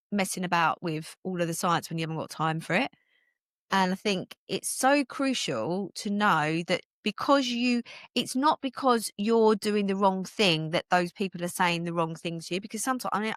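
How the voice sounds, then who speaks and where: Energetic British woman podcast coach. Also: mid-range voice, no room sound, clean studio sound. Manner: energetic, emphatic, motivational, laughs often. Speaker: podcast host and business coach. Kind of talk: solo podcast talk.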